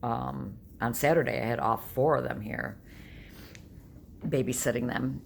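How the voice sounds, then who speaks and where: A woman's voice: very deep voice, measured pace, vocal fry, slight background noise. A woman, telling stories in a blunt, chatty home vlog. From New York State. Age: 60s. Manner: chatty storyteller, blunt and emphatic. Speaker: vlogger. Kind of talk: casual vlog monologue.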